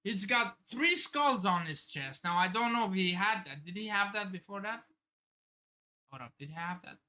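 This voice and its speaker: A woman's voice: mid-range voice, expressive, moderate pace, bright, forceful tone. A woman hosting a live manga reaction stream, thinking aloud, exclaiming, swearing and laughing as she reads. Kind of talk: excited live reaction commentary.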